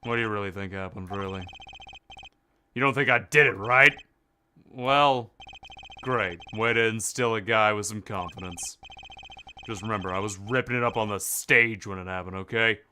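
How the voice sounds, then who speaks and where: A man voicing a laid-back, gruff young male rock guitarist in a game reading, his voice pushed low and drawling. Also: moderate pace, long pauses, bright, forceful tone, slight background noise. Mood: grumbling.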